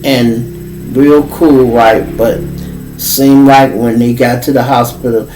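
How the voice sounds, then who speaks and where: Man, Chicago accent, podcast host, casual storytelling, profane, animated. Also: medium pitch, takes it slowly, far from the mic, soft background music, low-quality recording. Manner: profane, animated, acts out quoted voices.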